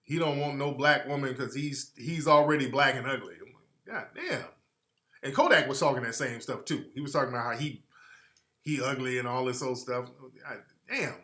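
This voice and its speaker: A man's voice: medium pitch, fairly even intonation, a little fast, sharp tone. Slangy, echoey male radio host. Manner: slangy, rambling, trails off while looking things up. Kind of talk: casual commentary to listeners.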